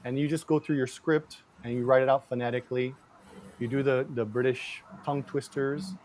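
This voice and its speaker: A man who grew up in the Canal Zone, telling stories in a casual chat, animated, acting out quotes and laughing often. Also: medium pitch, a little fast. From Panama Canal Zone. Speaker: guest actor.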